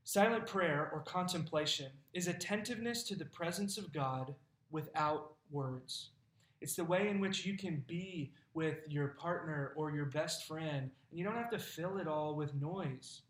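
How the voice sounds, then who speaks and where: A man's voice: fairly high pitch, a little slow, reverberant. A man preaching a sermon as pastor, conversational and folksy, laughing now and then.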